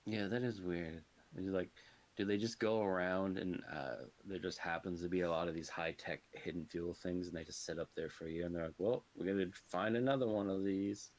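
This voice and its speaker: A man's voice: sits low, steady tone, brisk. A man co-hosting a podcast, chatting casually about a movie with dry, short remarks. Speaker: podcast co-host. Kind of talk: casual movie review chat.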